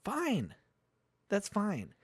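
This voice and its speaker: A man's voice: high voice, wildly swooping pitch, drawn-out words, husky, no room sound, studio quality. A middle-aged man co-hosting a casual podcast, talking bluntly and emphatically and swearing freely. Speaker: podcast co-host. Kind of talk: casual profane chat.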